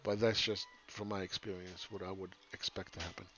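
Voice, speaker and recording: A man's voice: sits low, level tone, fairly quick, lo-fi sound, noisy background. A man giving casual, rambling live chart commentary as a market analyst, often asking "right?".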